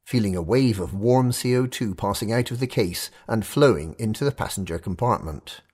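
A man's voice: on the low side, expressive, moderate pace, darkish tone, husky. A man narrating a first-person audio story in clipped, tense fragments.

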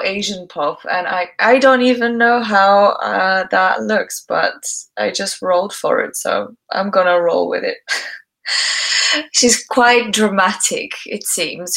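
A woman's voice: mid-range voice, fairly bright tone. A woman playing a tabletop role-playing game, describing her character in a hesitant, giggly way. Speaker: player. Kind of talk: casual chat.

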